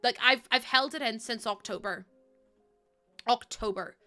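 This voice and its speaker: A woman streamer chatting casually with her live chat, excitable and talkative, laughing often. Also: on the high side, measured pace, soft background music.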